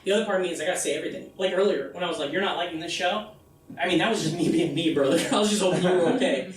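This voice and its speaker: A man performing a comedic one-man stage show, telling a story with animated delivery and acting out the people in it. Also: sits high, racing, echoey room, distant mic, a little hiss or hum, poor audio. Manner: animated storytelling, acting out his mom and himself. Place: theater stage. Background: audience laughter.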